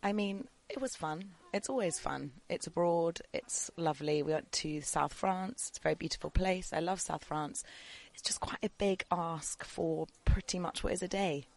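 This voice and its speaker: Low gravelly Englishwoman. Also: normal speed. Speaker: podcast guest. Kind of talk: casual chat.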